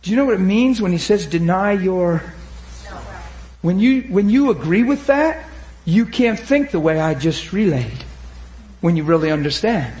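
A man preaching an impassioned sermon, shouting at times and then dropping to a hushed retelling, urging the crowd on. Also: sits high, expressive, moderate pace, roomy sound. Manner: urges the crowd with repeated calls of "come on".

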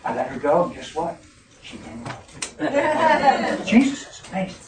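A man preaching a fervent testimony sermon, moving between shouts and hushed tones. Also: high-pitched, huge pitch swings, measured pace, over a noisy crowd. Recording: roomy, distant mic with noise.

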